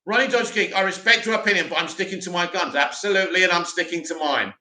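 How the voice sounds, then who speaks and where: A man hosting a live stream, chatting casually and answering viewer comments in an animated way. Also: high-pitched, quick pace, echoey room. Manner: chatty, animated, mocks a dramatic voice.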